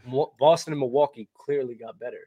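A man's voice: mid-range voice, fast talker, muffled recording, a loud crowd. A man on a sports debate panel, talking in a blunt, argumentative way. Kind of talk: casual debate chat.

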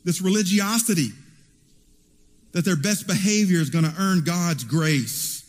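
A man preaching a sermon in an animated storytelling way, heard in a church hall with reverb. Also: high voice, unhurried. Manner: animated storytelling with acted quotes.

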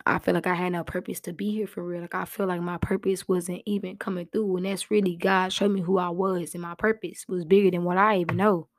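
Young woman podcaster, kinda low voice, dry close sound, hyping listeners up casual and heartfelt. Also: level tone, brisk, few pauses, no room sound. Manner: casual slang-filled, earnest and encouraging. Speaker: podcast host. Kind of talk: heartfelt motivational podcast talk.

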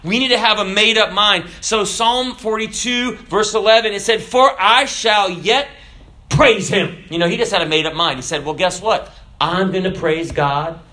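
A man's voice: high-pitched, normal speed, sharp tone. A middle-aged man preaching a sermon in a conversational, joking way. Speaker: pastor.

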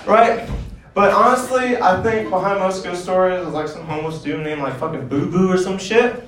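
A man's voice: sits high, normal speed, a bit bright, reverberant. A man doing stand-up comedy and recapping his set, profane, rambling and self-deprecating. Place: comedy club stage.

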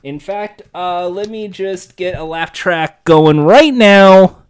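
A man's voice: high-pitched, slow pace, clear, resonant tone. A man co-hosting a comedy podcast, joking and playful in casual chat. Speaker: podcast co-host.

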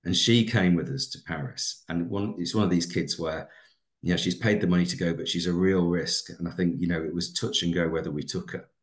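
A man's voice: deep voice, a little fast, echoey room. A man, a teacher and podcast co-host, talking in a reflective, rambling way with many fillers. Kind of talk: casual podcast chat.

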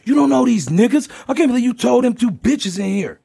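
A man voicing an angry, bossy pimp who shouts aggressively. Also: very high voice, lively intonation, fairly quick, pitched above the performer's own voice. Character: furious male pimp, loud and bossy.

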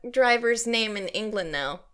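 A woman co-hosting a podcast in casual chat, animated and exclamatory. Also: a little high, a little slow. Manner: animated, exclamatory, often gasping "oh my gosh". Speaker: podcast co-host.

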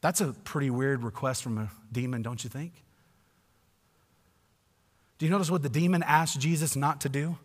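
A man's voice: medium pitch, moderate pace, long pauses. Emphatic male preacher in a reverberant hall. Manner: emphatic, swings between loud and hushed. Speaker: pastor. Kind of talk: sermon.

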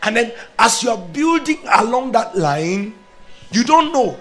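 A man preaching as a pastor, swinging from loud declarations to hushed, acted-out inner voices. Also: extremely high pitch, big pitch swings, measured pace, faint music behind. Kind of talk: sermon.

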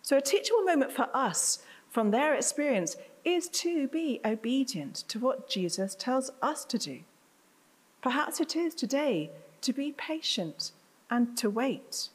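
A woman delivers a sermon in a chatty, self-deprecating way, turning aside to the people in front of her. Her voice sits fairly high and moves up and down a lot. The hall around her adds a long, ringing echo. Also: very animated, a little slow, slightly rough. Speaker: preacher. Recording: reverberant hall.

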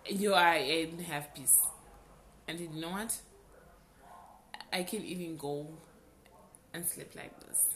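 A young adult woman hosting a podcast, telling a personal story in a casual, animated way and repeating words for emphasis. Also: fairly low pitch, slow pace, long pauses. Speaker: podcast host.

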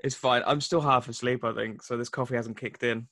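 A man's voice: medium pitch, steady tone, a little fast, fairly bright tone, dry recording. Friendly man from England, dry sound. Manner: friendly, laughs easily, repeats tags like "isn't it". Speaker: interviewer, host. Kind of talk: casual interview chat.

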